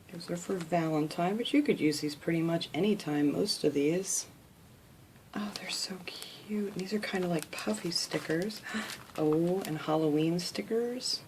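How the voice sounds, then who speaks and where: A woman hosting a craft channel, chatting casually while unboxing mail, gushing, gasping often and sometimes dropping to a soft whisper. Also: on the low side, noisy background.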